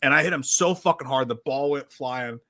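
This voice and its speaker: A man, co-hosting a casual livestream and telling profane stories with loud shouted quotes. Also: mid-range voice, moderate pace. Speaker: podcast co-host.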